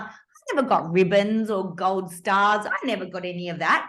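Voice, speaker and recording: Animated Australian woman in her fifties. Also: mid-range voice, normal speed, hardly any pauses. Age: 50s. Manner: animated, emphatic, blunt, occasionally swears. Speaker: podcast host. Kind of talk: personal storytelling in a podcast conversation.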